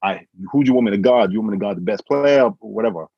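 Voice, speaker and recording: A man from England telling a story in a casual conversation, animated, acting out what others said. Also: lowish voice, quick pace, gravelly, husky, dry recording. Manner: animated, quotes others with voice changes. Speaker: guest. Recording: dull, dry sound.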